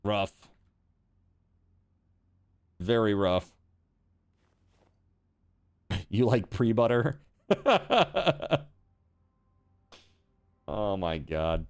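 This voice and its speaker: A man's voice: on the low side, very animated, extremely slow, long pauses. A man streaming a video game, chatting casually and teasingly with his viewers as he plays. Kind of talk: casual chat while gaming on stream.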